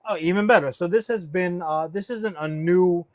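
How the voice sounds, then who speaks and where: A man with a high voice runs a loose pop-culture chat, animated and rambling. He swears freely and piles up fillers and restarts. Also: normal speed. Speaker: podcast co-host.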